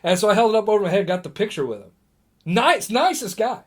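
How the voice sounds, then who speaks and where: A man from Indiana, a podcast guest, telling a story in casual chat, lively and full of fillers and restarts. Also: high voice, fast, breathy edge. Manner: animated, acts out quotes, many fillers and restarts.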